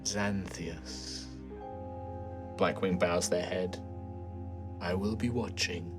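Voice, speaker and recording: A solemn ancient mage in a fantasy tabletop game, speaking low, slow and distant, as the game master puts him on. Each word is weighed and grave, with a faint music bed underneath. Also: male voice, fairly even intonation.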